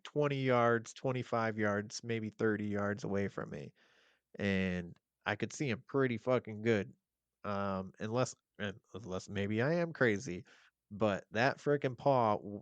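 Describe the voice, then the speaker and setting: A man as a podcast guest, telling an eerie story in a casual, animated, profane and rambling way. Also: lowish voice, clean tone, dry recording.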